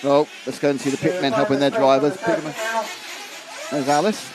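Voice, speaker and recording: A man's voice: mid-range voice, fairly even intonation, normal speed, over a noisy crowd, rough recording. A man giving live race commentary on a stream, chatty and wry, reading viewer comments and tripping over names. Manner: stumbles over names and restarts.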